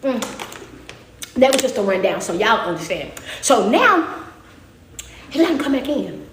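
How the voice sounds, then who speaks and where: Animated high-voiced woman preaching. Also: measured pace, echoey room, a little hiss or hum. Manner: animated and emotional, laughing often. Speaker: motivational speaker. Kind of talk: preachy motivational talk.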